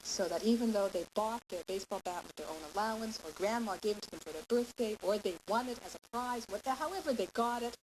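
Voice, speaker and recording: A woman's voice: medium pitch, fast, few pauses. A woman giving a parenting lecture to a class, explaining step by step and often checking in with "okay?". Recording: hissy lecture recording.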